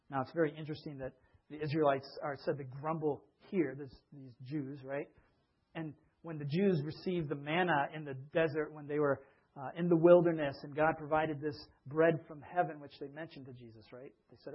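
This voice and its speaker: A man preaching a conversational sermon, asking his listeners questions and sometimes acting out grumbling voices with a rising pitch. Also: fairly even intonation, normal speed, husky, muffled recording. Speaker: pastor.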